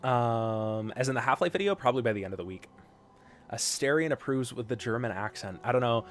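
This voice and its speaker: Mid-range and a little fast, his voice has lively intonation. He's an American live-streaming a game, loosely joking with and teasing his viewers in chat that often drifts off into fillers.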